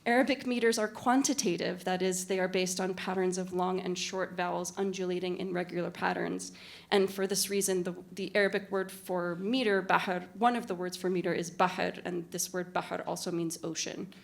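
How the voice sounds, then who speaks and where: A woman on a conference panel, speaking as a literary translator and reading a prepared academic talk in a measured, articulate way with occasional fillers. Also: on the low side, flat delivery, creaky. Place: university conference room.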